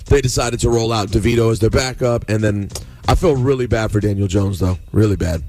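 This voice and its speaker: A man's voice: on the low side, a little fast, a little mellow. A man co-hosting a morning radio show, bantering and ranting in mock outrage. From United States. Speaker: radio co-host. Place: radio studio. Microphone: studio microphone. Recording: radio studio with music bed.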